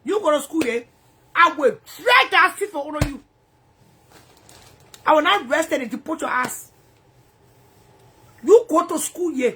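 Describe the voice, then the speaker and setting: A woman's voice: high voice, expressive, unhurried, long pauses, a bit bright, a little hiss or hum. A woman ranting angrily in profane, repetitive bursts from her bedroom. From Liberia. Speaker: social media personality.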